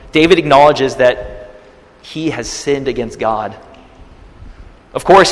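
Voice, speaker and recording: A male pastor preaching a sermon, retelling a scripture story with swings between quiet and loud. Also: medium pitch, long reverb tail.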